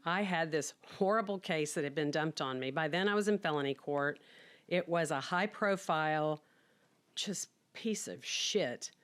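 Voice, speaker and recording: A middle-aged woman with a low, deep voice recounts her own life in a candid, conversational way. She talks frankly and casually, slipping into quoted dialogue as she goes. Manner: frank and chatty, acts out quoted dialogue with laughs. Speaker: podcast guest telling her life story. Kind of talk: candid personal storytelling.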